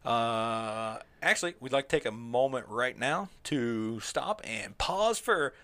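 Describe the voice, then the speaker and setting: A man co-hosting a loose, casual podcast chat. His voice is bright and forceful, and he rambles with plenty of "like" fillers. The sound is dry and close to the mic. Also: mid-range voice, expressive, slow pace, no echo. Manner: rambling, heavy use of "like" fillers. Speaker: podcast co-host.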